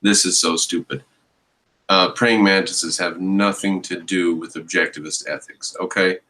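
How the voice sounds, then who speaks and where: A man's voice: low-pitched, steady tone, unhurried, pushed and bright, low-quality recording. A man giving reaction commentary on a video clip, ranting with exasperated, mocking scorn.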